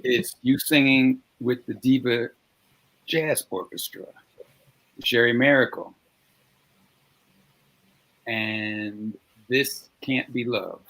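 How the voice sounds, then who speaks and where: A soft-spoken male host speaking over a video call. He sets up a music track in a calm, measured way. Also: mid-range voice. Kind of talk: introducing music.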